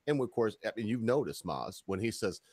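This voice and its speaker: A man hosting a casual livestream chat, rambling and laughing often, sometimes getting loud and excited. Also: fairly low pitch, a little fast, no echo, studio quality. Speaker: host.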